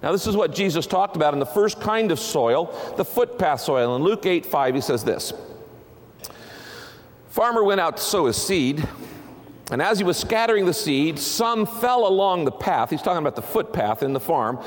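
A man's voice: on the high side, sing-song, moderate pace. A man preaching a sermon, emphatic, driving points home with repeated lists. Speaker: pastor. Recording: long hall reverb.

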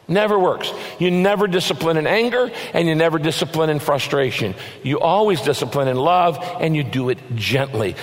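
A male pastor giving a sermon in a large church, earnest and slowing down to stress the verses he reads. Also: a little high, lively intonation, long reverb tail. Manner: earnest, varies pace, slows to stress scripture.

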